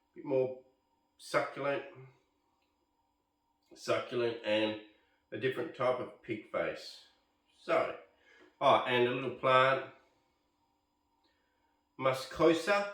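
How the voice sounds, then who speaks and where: A man's voice: medium pitch, fairly bright tone. A man with an Australian accent chatting casually and self-deprecatingly about his bonsai hobby in a backyard shed. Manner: laid-back, self-deprecating, rambling. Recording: roomy echo, mic at a distance.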